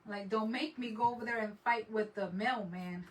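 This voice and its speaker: Hosting a craft livestream, this woman chats casually with her viewers, greets them in Spanish, and laughs a lot. Her voice sits in the mid-range at a moderate pace, and she tends to trail off mid-sentence. The recording is slightly distant, with a faint hum of room noise.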